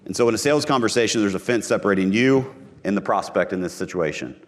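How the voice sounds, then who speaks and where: A man's voice: lowish voice, expressive, fast. A man from Missouri giving a live conference talk on sales, punchy and direct, repeating his key phrases and speaking straight to the audience. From Missouri, USA.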